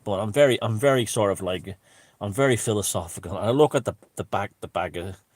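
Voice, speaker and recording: A man's voice: lowish voice, brisk, a little mellow, dry recording. A man telling a casual story in a rambling way, with many restarts and asides and a wry, self-mocking streak. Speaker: channel host.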